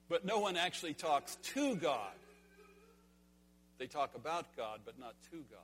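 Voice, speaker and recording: A man's voice: a little high, fairly bright tone, slightly rough. A man preaching a sermon as pastor, earnest and rhetorical, repeating key phrases and asking the congregation questions. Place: church sanctuary. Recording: long hall reverb.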